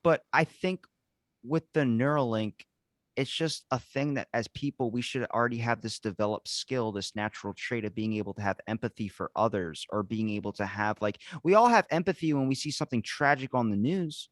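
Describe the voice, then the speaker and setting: A man's voice: medium pitch, fairly quick, no room sound, clean studio sound. An American man in casual podcast chat, ranting with heated, profane emphasis. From United States. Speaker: podcast guest or co-host.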